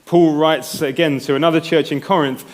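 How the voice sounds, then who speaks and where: A man's voice: a little high, steady tone, moderate pace. Conversational male preacher. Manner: conversational, checks in with "right?". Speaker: pastor. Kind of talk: sermon.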